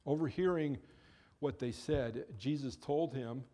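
A man's voice: mid-range voice, measured pace, darkish tone. Man preaching a conversational sermon. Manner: conversational, acts out quoted figures. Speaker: pastor. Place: church.

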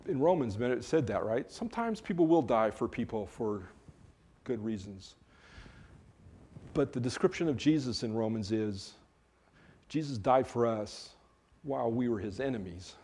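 Male pastor mid-sermon, mid-pitched, conversational and earnest with light asides. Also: expressive, normal speed, pauses often, a little mellow, husky. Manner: conversational, joking asides between earnest preaching.

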